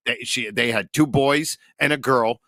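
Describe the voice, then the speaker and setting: A man's voice: medium pitch, unhurried, sharp tone, no room sound, studio quality. A middle-aged man, a podcast co-host, telling a long, rambling family story with lots of swearing. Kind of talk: casual storytelling.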